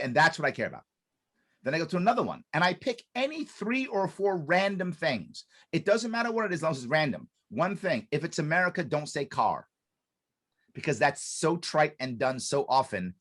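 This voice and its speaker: Man, fairly high voice, very lively pitch swings, emphatic and repetitive, podcast guest explaining. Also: moderate pace. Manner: animated, acts out quoted dialogue; emphatic, repeats key points with restarts. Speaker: podcast guest, business consultant. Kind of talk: podcast interview, explaining a method.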